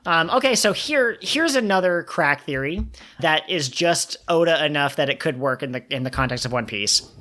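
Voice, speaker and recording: A woman co-hosting a podcast in casual chat, animated and laughing often as she riffs on theories. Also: very deep voice. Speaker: podcast co-host.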